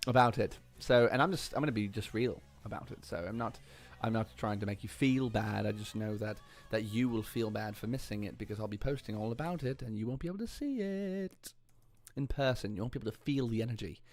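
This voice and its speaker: A man's voice: lowish voice, brisk, soft background music, pitched below the performer's own voice, natural voice. A man putting on a sassy, vain persona who drawls and keeps calling people darling. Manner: drawling, teasing, says darling often.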